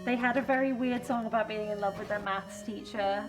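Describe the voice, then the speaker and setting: A chatty young woman co-hosting a charity stream, with a fairly high voice and frequent exclamations. She sounds distant from the mic, with clear music playing behind her. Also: fairly even intonation, fairly quick. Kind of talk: casual livestream banter.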